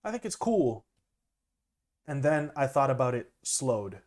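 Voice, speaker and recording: A young man, a music producer, chatting casually and excitedly as he reacts to an album, laughing often. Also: mid-range voice, measured pace. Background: music playing faintly.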